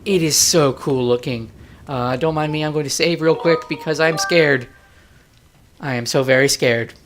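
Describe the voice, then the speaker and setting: A woman's voice: low-pitched, normal speed, soft background music. A woman from New York with a light New York accent, giving playful, chatty commentary on a video game. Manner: playful, chatty, jokey asides. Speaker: let's player.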